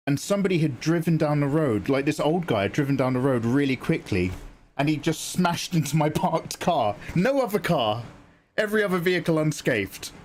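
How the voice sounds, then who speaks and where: A man's voice: a little high, animated, moderate pace, a little hiss or hum. A British man chatting casually with viewers on a live art stream, telling stories in a rambling, chatty way with casual swearing.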